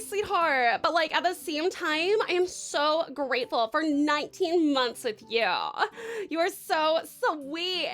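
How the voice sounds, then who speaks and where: Young aussie girl streamer, high bouncy voice, bright and sweary, thanking chat nonstop. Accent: Australian. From Tasmania, Australia. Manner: bubbly, gushing and sweary, with frequent laughs. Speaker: live streamer. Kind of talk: casual live-stream chat thanking viewers.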